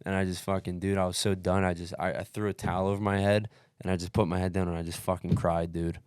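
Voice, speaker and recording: A man with a low, clear, resonant voice talks fast as he recounts his race on a casual podcast. It's an animated, profane retelling full of "dude" and "bro," with other people's words acted out. The recording is dry and studio quality.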